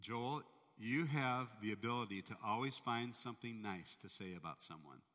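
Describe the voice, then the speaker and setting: A man preaching a sermon, telling a story in a conversational, animated way. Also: medium pitch, moderate pace, in a large hall. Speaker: pastor.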